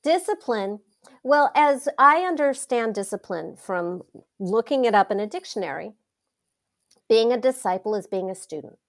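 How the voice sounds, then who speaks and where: A middle-aged woman, a wealth coach, telling stories in a casual interview with dramatic, expressive delivery. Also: fairly high pitch, moderate pace. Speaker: wealth coach, podcast guest.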